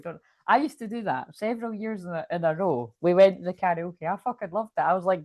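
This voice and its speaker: Woman, tarot reader, casual chat, low-pitched, dry close sound. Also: fast, hardly any pauses, a little mellow, no echo. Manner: chatty, swearing, laughing, breaks into singing. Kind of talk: casual tarot reading monologue.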